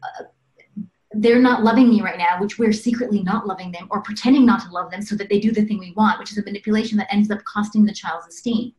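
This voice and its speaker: A woman's voice: mid-range voice, steady tone, quick pace, hardly any pauses, a little mellow, roomy sound, low-quality recording. A woman in casual conversation, a mother earnestly explaining her parenting approach. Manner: earnest, explaining, acts out little quoted lines. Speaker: mother sharing parenting advice.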